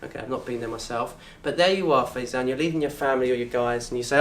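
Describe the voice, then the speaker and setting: A man with a southern English accent teaching an Arabic course in a lecture room. He talks in a lively way, quizzes the audience and acts out little scenes. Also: medium pitch, quick pace. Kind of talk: lecture to an open day audience. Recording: roomy echo from a distant mic.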